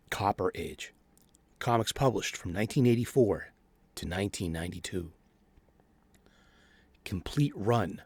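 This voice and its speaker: A man's voice: fairly low pitch, darkish tone, husky, no room sound. Rambling middle-aged man chatting about comics. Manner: rambling, many restarts and fillers. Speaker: host. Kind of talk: casual solo chat about comic books. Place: home studio.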